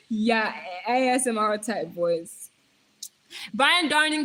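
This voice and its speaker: A talkative young woman from Nigeria on a live stream, her bright, high voice swinging lively up and down. She rambles in a hyper, casual way and reads viewer comments aloud. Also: slow, long pauses, rough recording.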